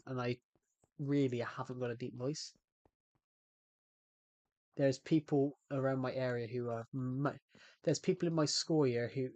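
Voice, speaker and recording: A man's voice: medium pitch, a little mellow, no room sound. A young man with a West Country accent, chatting casually on a live stream, rambling and repeating himself with frequent restarts. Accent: West Country English.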